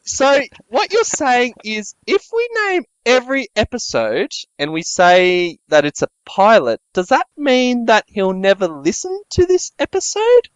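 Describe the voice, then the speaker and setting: A man co-hosting a podcast, trading crude, deadpan jokes in casual comedy banter. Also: a little slow, few pauses, smooth, no echo, lo-fi sound. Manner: crude, deadpan banter with sudden jumps in pitch. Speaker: podcast co-host.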